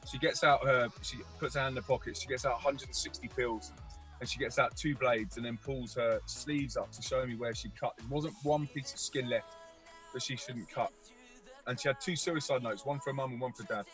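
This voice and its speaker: A man telling a vivid personal story as a guest, energetic, acting out the voices of people he quotes. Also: medium pitch, fairly quick, faint music behind. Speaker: guest musician and youth speaker. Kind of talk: animated storytelling.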